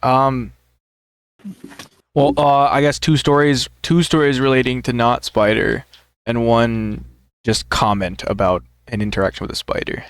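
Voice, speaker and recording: Smooth-voiced young man, dry close sound. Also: medium pitch, level tone, no room sound. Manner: halting, filler-heavy storytelling. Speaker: podcast co-host. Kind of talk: casual chat.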